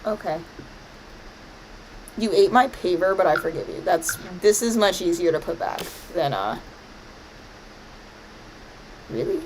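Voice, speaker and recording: A woman's voice: on the low side, animated, normal speed, a little hiss or hum, poor audio. A woman chatting casually over her gameplay, playfully scolding the game with mock-dramatic outbursts. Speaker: gaming streamer.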